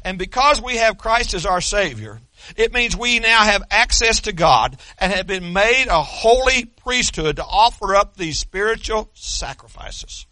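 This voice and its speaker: Emphatic high-voiced male preacher. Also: big pitch swings, measured pace, sharp tone, no echo. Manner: emphatic, repetitive preaching cadence. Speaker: pastor. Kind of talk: sermon.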